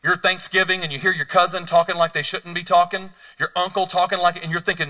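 A middle-aged man preaching a sermon as a pastor, telling stories animatedly and swinging between hushed and loud delivery. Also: high voice, brisk, distant mic.

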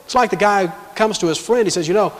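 A man preaching a sermon as pastor, emphatic and animated, acting out imagined objections from his listeners and God's replies to them. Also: sits high, fast, long reverb tail, rough recording.

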